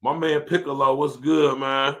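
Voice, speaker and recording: Level in tone, slightly bright, medium-pitched, and moderately paced, a man hosts a podcast, ranting casually and profanely on a livestream, often laughing and reading out viewer comments.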